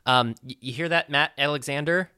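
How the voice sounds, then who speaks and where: A man's voice: fairly high pitch, sharp tone, smooth, dry recording, clean studio sound. A man co-hosting a podcast, recapping a film in casual chat with many ums and uhs. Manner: halting, filler-heavy recap. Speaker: podcast co-host. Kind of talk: casual movie discussion.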